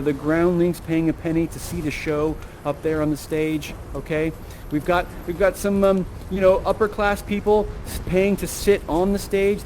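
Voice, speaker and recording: A man with a high, bright voice leads an audience through an interactive theatre show in virtual reality. He is chatty and animated, tagging his sentences with quick okays and rights. He speaks into a headset mic. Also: a little hiss or hum. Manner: chatty, animated, tags lines with okay and right.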